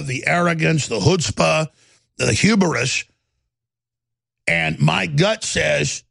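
A male radio talk show host, ranting in a heated monologue with stammered restarts and bursts of shouting. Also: on the high side, no echo, clean studio sound. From Texas. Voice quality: gravelly.

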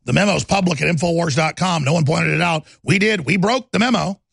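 A man hosting a political talk show, speaking in an emphatic, indignant, rapid-fire manner. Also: a little high, gravelly, a bit bright, slightly rough. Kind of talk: heated political talk radio.

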